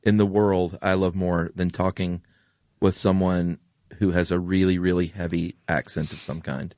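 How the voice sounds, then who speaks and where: A man's voice: low-pitched, flat delivery, moderate pace, warm tone, no echo, studio quality. A man with a General American accent co-hosting a podcast in casual chat, gushing with enthusiasm and repeating himself. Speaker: podcast co-host.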